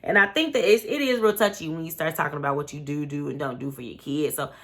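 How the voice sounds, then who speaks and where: A woman's voice: low-pitched, fast talker. A young woman casually recapping a reality TV episode, chatty, acting out what each person said. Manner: chatty, retells scenes by acting out quotes. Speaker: reality TV commentator and show host.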